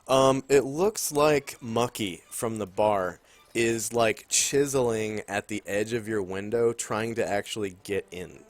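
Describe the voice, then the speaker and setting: Slow, halting male game master. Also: fairly low pitch. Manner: halting, full of ums and throat-clearing. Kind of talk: narrating a tabletop game.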